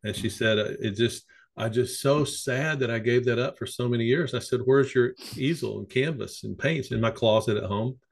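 A middle-aged psychotherapist, appearing as a guest, tells long, lively anecdotes in casual conversation as a rambling storyteller. His mid-range voice is creaky and moves at normal speed.

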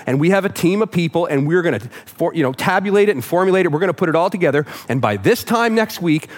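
Joking conversational male pastor. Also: high voice. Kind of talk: sermon. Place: church auditorium with live audience.

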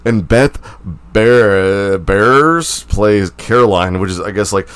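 A man's voice: lowish voice, takes it slowly, a bit bright, clean tone, no echo. A young man co-hosting a casual podcast, rambling and swearing, laughing often. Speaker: podcast co-host.

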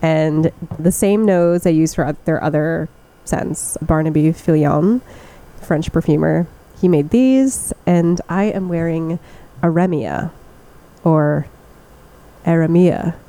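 A woman's voice: deep voice, takes it slowly, mellow, rough recording. A young woman co-hosting a casual chat, describing scents in detail and laughing often. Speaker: podcast co-host. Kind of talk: casual chat about fragrances.

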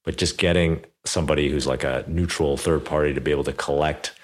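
A man with an extremely low-pitched voice and a brisk delivery hosts a podcast interview. Casual and animated, he relates a personal story stuffed with "like" and "you know."

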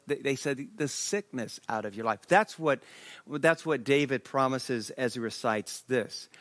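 A man preaching a sermon, reading scripture slowly and breaking off into an animated story. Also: fairly high pitch. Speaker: pastor.

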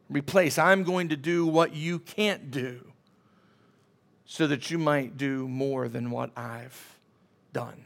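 A man's voice: high voice, slow pace, vocal fry, a bit bright. A man preaching a sermon as pastor, emphatic and calling out to his congregation for responses.

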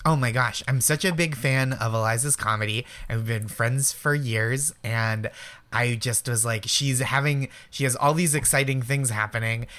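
A man from Eastern Massachusetts with a local accent, a comedian guest chatting casually, self-deprecating and quick to laugh. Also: medium pitch, fairly bright tone. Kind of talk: casual chat.

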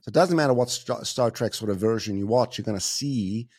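A man's voice: on the low side, a little fast, darkish tone, no echo. Guy on a podcast explaining stuff with analogies, dry and close. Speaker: guest, communication coach. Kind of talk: casual interview talk.

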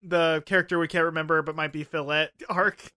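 A man's voice: on the high side, level tone, a little fast, sharp tone, clear, resonant tone. A young man co-hosting a podcast, cracking jokes and laughing a lot in casual chat. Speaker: podcast co-host.

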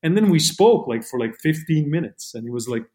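A man's voice: a little high, expressive, fairly quick, mellow. A man from Montreal, a camera operator guest, telling stories casually with lots of restarts and fillers. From Montreal, Canada. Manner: rambling, many restarts and "you know". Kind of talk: casual interview storytelling.

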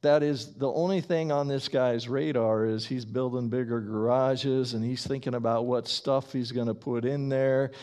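A man preaching a sermon, slow and emphatic, with deliberate pauses between phrases. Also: mid-range voice, fairly even intonation, darkish tone. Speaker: pastor.

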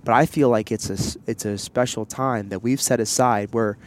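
A man of ordinary pitch talks openly and at length, wandering through his story with lots of "like" and "you know," stopping to explain himself as he goes. He sounds like a podcast host chatting with a friend while out in public, speaking into a headset mic. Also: steady tone, moderate pace. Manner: candid, rambling storytelling with many fillers and asides. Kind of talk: casual chat. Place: outdoors in public, wearing headsets.

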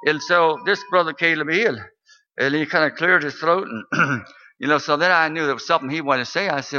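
A man's voice: on the high side, a little fast, bright, forceful tone. An older man, a minister, telling a story in a sermon with earnest, sometimes fervent delivery. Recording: dull lo-fi recording.

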